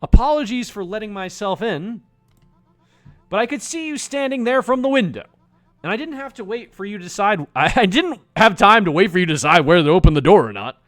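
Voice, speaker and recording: A man's voice: sits high, animated, brisk, fairly bright tone, no room sound. A man voicing a prim, condescending female cat doctor from a video game, raising his voice slightly.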